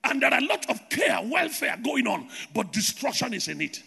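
A man preaching a sermon with loud shouted declarations and rhythmic repetition, recorded in a large reverberant hall. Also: very high-pitched, sing-song, moderate pace, creaky, husky.

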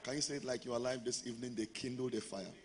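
A man's voice: mid-range voice, rapid-fire, noisy background. A man preaching a sermon as pastor, leading the congregation in call-and-response. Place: large church hall. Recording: long hall reverb with music.

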